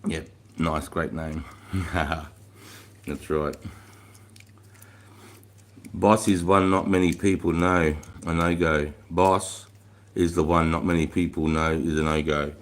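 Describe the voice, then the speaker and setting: His voice is a rumbling low with little pitch movement, and he takes it slowly, pausing often. A middle-aged man hosting a casual livestream, he swears freely, rambles, and laughs frequently as he reads viewer comments.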